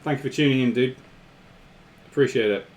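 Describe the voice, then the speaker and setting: A man's voice: mid-range voice, a little fast. A man hosting a live stream, chatting casually with viewers, laughing often and repeating himself.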